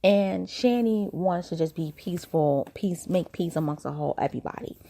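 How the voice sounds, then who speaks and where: A woman with a low, gravelly voice and a dark, mellow tone talks through a reality show episode. Her delivery is chatty and gossipy, retelling who said what in a casual recap. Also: normal speed.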